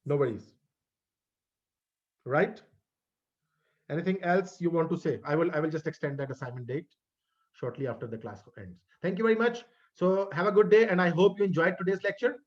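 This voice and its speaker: A man's voice: on the high side, lively intonation, normal speed, pauses often. A male instructor wrapping up an online web development class, often repeating and restarting words in a friendly, encouraging way. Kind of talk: online class lecture wrap-up. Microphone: computer mic on a video call. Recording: dull lo-fi call audio.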